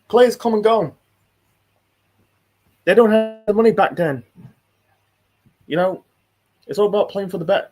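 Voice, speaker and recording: A man's voice: high voice, a little mellow. A man hosting a casual live stream, reacting to a video with a rambling, repetitive, heated and sweary manner. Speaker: host reacting to a football video.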